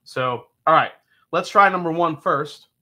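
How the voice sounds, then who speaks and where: A man's voice: fairly high pitch, measured pace, pushed and bright. A man hosting a live whiskey-tasting stream, joking, swearing and reading out viewer comments. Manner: jokey and profane, reading chat comments aloud. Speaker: show host.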